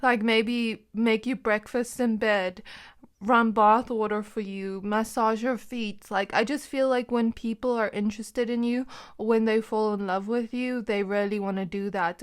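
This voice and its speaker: A woman with a fairly high voice gives a casual pick-a-card tarot reading. She talks in a loose, chatty way, giggles often and leans on "like" as a filler. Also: smooth. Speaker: tarot reader.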